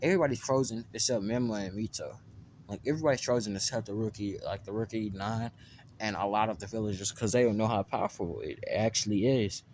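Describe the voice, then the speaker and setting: A man's voice: fairly low pitch, fast, darkish tone, a little hiss or hum. A man casually narrating an imagined fan story, rambling with many fillers and restarts.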